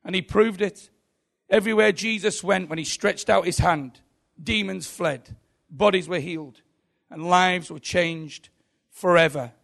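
Male preacher, slightly high voice with gravelly fry, emphatic rhythmic delivery, sermon. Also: unhurried, a bit bright.

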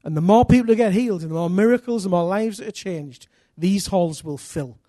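Speaking fairly quickly in a voice that sits high, a middle-aged man from England delivers a sermon built around his own stories. Energetic and quick to poke fun at himself, he punctuates it with bursts of loud emphasis, captured in a dry, clean studio recording.

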